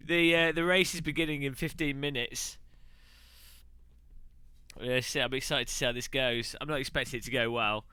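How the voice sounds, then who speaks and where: A man's voice: medium pitch, fairly even intonation, pushed and bright, clear, resonant tone, dry recording. A man chatting casually and rambling on a live stream while sim racing. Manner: chatty, rambling, quick asides.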